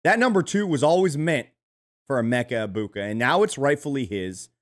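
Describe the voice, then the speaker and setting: A male podcast host ribbing his co-hosts in loose sports talk. His pitch swings widely as he jokes, and he sits at an ordinary middle pitch for a man. He keeps pulling the chat back on track. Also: brisk. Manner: teasing, lively, steers the talk. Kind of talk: casual sports podcast banter.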